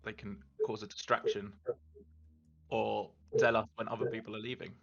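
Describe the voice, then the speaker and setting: A man playing in a tabletop game, explaining his moves in a relaxed way. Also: on the low side, moderate pace, gravelly. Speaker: player. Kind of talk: casual tabletop play. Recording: dull lo-fi mic.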